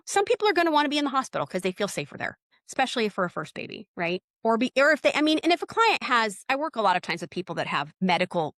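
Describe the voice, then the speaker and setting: A woman's voice: mid-range voice, fairly bright tone, no room sound, studio quality. A middle-aged woman, a doula telling stories in a casual interview, blunt and outspoken, and she often acts out the dialogue. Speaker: doula, podcast guest.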